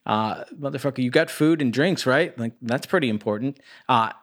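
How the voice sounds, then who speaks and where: Podcast co-host, male, mid-pitch, sarcastic and profane, rambling delivery. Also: normal speed. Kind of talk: casual movie review chat.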